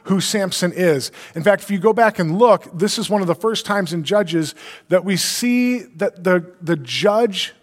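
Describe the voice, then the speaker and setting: A man's voice: high-pitched, unhurried, big-room sound. A male pastor delivering an earnest sermon, quoting scripture and asking rhetorical questions.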